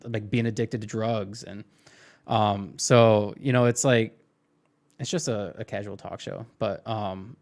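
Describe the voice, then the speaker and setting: Male podcast guest, thirties, low voice, laid-back and dry humored. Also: measured pace. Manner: relaxed, dry and joking. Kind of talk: casual podcast chat.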